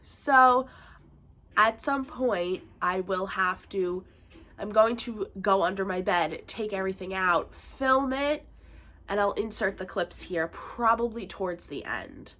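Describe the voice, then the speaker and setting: A woman's voice: mid-range voice, takes it slowly, pushed and bright. A young woman with a nasal, congested voice from a bad cold, chatting casually in a home vlog with lots of fillers. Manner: chatty, rambling, with frequent fillers. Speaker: vlogger. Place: bedroom at home.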